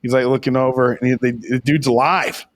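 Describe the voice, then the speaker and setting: A man's voice: medium pitch, steady tone, brisk. A young man co-hosting a podcast, telling a long story in a rambling, profane way and insisting it's true. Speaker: podcast co-host. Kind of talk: casual storytelling.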